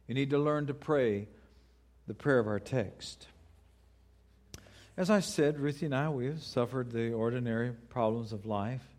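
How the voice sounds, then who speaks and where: A middle-aged man preaching a sermon as a pastor, earnest, moving between loud pleading questions and quiet, hushed prayer. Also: medium pitch, a little fast. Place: church.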